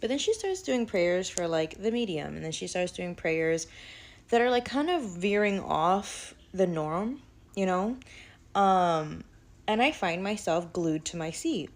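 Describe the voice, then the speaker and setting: A woman's voice: lowish voice, expressive, a little slow. A woman casually telling a personal spiritual story, chatty and rambling, peppered with "like.". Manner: chatty, rambling, heavy use of "like".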